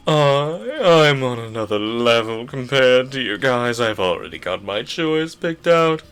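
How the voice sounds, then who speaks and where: A man's voice: medium pitch, sing-song, slow, a bit bright, smooth, faint music behind. A man voicing a smarmy, cocky teenage boy while reading a visual novel aloud, smug and drawn out.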